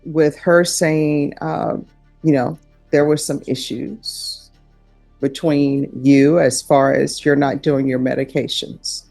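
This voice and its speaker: A woman's voice: sits low, steady tone, slow pace, gravelly, dark tone, faint music behind. Woman, judge, firm, direct, methodical, courtroom questioning. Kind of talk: questioning from the bench.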